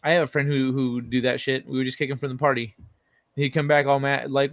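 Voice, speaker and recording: A man's voice: mid-range voice, little pitch movement, fairly quick, dry recording. Casual male livestream host, dry sound. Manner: loose and conversational, casual swearing, frequent fillers and restarts. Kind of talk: casual livestream chat, reading articles and chat aloud.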